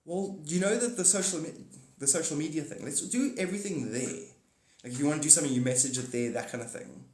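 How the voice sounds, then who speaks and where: A man's voice: a little high, fast talker, a little mellow. Man chatting on a roomy live stream. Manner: rambling, jokey, swears and self-corrects. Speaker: live streamer and paid reader. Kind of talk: casual live-stream chat. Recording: roomy echo.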